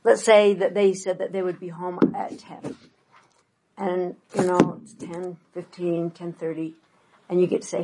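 An older woman presenting a parenting workshop, telling lively stories and acting out quoted voices. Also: fairly low pitch, a little slow, a little hiss or hum, low-quality recording. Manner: animated storyteller, acts out quoted voices. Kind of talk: workshop talk with anecdotes.

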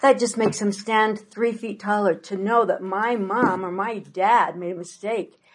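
An older woman presenting a parenting workshop, telling lively stories and acting out quoted voices. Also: mid-range voice, a little slow, slight background noise, low-quality recording. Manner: animated storyteller, acts out quoted voices. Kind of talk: workshop talk with anecdotes.

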